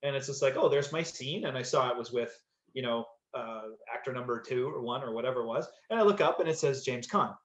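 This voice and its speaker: This actor, guesting on a podcast, speaks fast at a medium pitch while rambling through a casual story full of fillers and false starts. The room sound is slightly dull and echoey.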